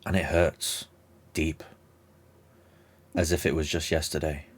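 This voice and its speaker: A man narrating a tabletop game as game master in a measured, descriptive way. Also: rumbling low, flat delivery.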